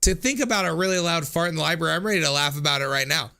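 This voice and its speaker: A man in his thirties riffs on viewer comments with loose, joking commentary, cursing and cracking himself up. His voice is gravelly and bright, with lively swings in pitch. Faint music plays behind him. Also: racing. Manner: animated, jokey, swears freely, laughs often. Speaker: streamer reading viewer comments. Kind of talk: casual comedic commentary.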